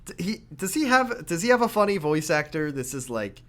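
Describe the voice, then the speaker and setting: A man co-hosting a podcast, chatting casually about a video game and acting out characters' lines in quick put-on voices. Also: fairly high pitch, very animated, a bit bright. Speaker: podcast co-host.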